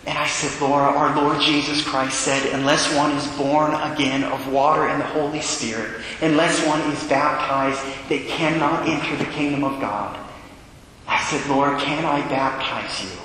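A man who is a Catholic priest, telling a story in a sermon and acting out the dialogue with animated changes in his voice. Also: on the high side, normal speed, a little hiss or hum. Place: church. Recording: echoey church hall.

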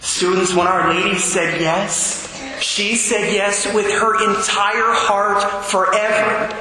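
A man's voice: sits high, flat delivery, takes it slowly, crowd noise. A man giving a homily to schoolchildren, asking them questions as he teaches. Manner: asks the listeners questions as he teaches. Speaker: preacher teaching students. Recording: roomy echo, long reverb.

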